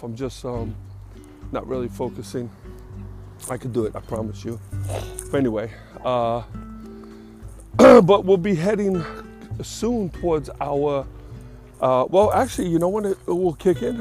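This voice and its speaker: A man hosts his own podcast solo, chatting casually with a fairly high-pitched, darkish voice. He rambles and keeps correcting himself, sounding a little out of breath.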